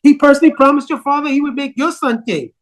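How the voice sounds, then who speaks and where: A man putting on a scheming old nursemaid, manipulative and bitter, low insinuating scolding, high tone, storytelling epic. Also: fast.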